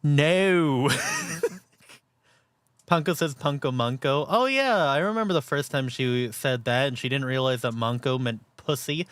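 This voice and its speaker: A woman's voice: very deep voice, unhurried, dry recording. A woman streamer chatting casually while reacting to a clip, laughing often, swearing, and reading chat aloud.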